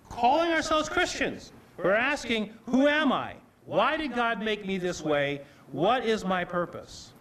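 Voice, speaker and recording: A man preaching to a listening congregation, his voice pitched high and rising and falling a great deal. He takes his time, speaking slowly and deliberately. He presses his points with emphasis and often repeats or restarts his phrases. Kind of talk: sermon.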